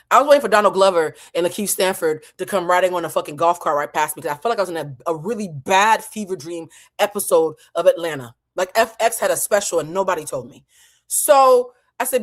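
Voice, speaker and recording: A woman's voice: fairly low pitch, fast. A woman from New England telling a long, profane personal story in a casual way, acting out the voices of the people in it. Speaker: host.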